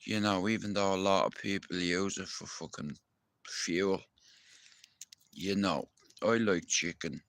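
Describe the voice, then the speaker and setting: A man's voice: sits low, fairly even intonation, a little slow, pauses often, fairly bright tone, no room sound. A young Irish man ranting to his viewers in a heated, profane live-stream monologue. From Ireland.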